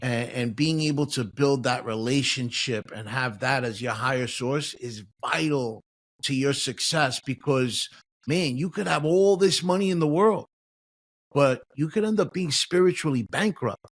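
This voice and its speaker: A man hosting an interview podcast, speaking earnestly with halting restarts. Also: mid-range voice. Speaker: podcast host. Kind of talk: interview talk.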